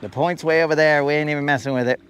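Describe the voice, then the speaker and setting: On an outdoor fishing livestream from a lake boat, a man with a slightly high, steady, somewhat bright and clean voice talks rapid-fire. He kids around with his chat, teasing viewers through exaggerated complaints, as boat and water sounds faintly carry.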